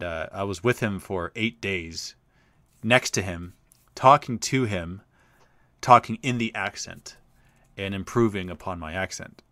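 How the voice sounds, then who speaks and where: A man's voice: deep voice, pushed and bright, dry recording. A man hosting a show, telling a long story in a casual, rambling way with lots of filler words. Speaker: host.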